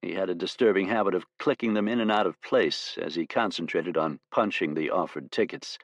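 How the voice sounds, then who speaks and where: A man narrating an audiobook in a steady, measured storytelling voice. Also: low-pitched, no echo.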